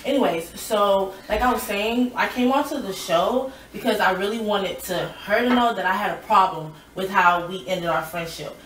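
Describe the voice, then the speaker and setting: Indignant woman, measured talk, far off in an echoey room. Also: mid-range voice, fairly bright tone, a little hiss or hum. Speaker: reality show cast member. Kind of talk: reunion argument.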